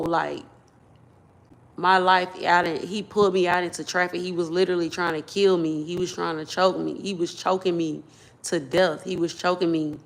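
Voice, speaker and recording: A woman's voice: lowish voice, little pitch movement, moderate pace, creaky. A young woman vlogging into her phone, telling a personal story in a loose, rambling way and repeating herself as she gets worked up. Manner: casual, loose grammar.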